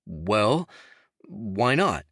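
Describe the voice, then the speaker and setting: A male audiobook narrator voicing a steady young officer who asks someone out in an earnest, measured way. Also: fairly low pitch, no echo, studio quality, full character voice. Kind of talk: audiobook character voice.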